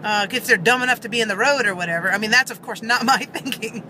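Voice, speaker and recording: A woman talks straight to her camera from a car, her voice very bright and sharp. She tells her story in an earnest, rambling way, full of fillers and restarts, with faint traffic outside. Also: fairly high pitch, fast talker, low-quality recording. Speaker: vlogger.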